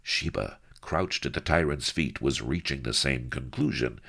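A man's voice: a bass voice, moderate pace, vocal fry, sharp tone, slightly rough. A man narrating a comic audiobook with wry, theatrical asides to the listener.

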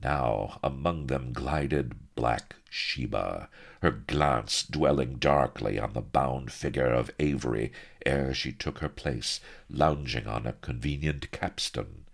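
A man's voice: extremely low pitch, takes it slowly, vocal fry. A man narrating a comic pirate story in a wry, droll manner. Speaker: audiobook narrator.

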